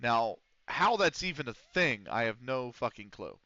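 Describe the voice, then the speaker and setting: A man's voice: medium pitch, very animated, normal speed, bright, forceful tone, no room sound. A young man from Pennsylvania, rambling and swearing through a casual gaming stream. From Pennsylvania, USA. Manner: rambling, profane, ranting. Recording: dull lo-fi stream audio with faint noise.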